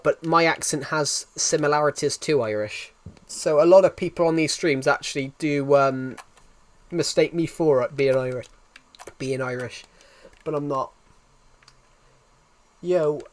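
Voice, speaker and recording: A young British man with a thick regional accent chats loosely on a livestream. He restarts sentences and circles back on himself. His voice sits slightly high. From United Kingdom. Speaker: game streamer. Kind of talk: casual livestream chat.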